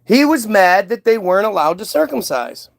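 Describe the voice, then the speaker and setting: Man, high-pitched voice, casual monologue, profane, rambling, mocking. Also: very animated, normal speed, creaky. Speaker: commentator.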